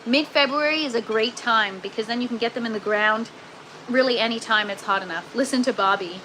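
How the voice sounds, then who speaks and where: A woman's voice: a little high, fairly quick, bright, forceful tone, a little hiss or hum, poor audio. A woman hosting a casual gardening live stream from an indoor grow tent, chatting with viewers and using lots of ums and "you guys.".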